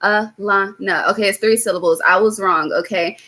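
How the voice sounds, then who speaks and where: A woman's voice: mid-range voice, fast, fairly bright tone, a little hiss or hum. A young woman giving a casual live-stream tarot reading, blunt and swearing freely, often checking in with "okay?". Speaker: tarot reader.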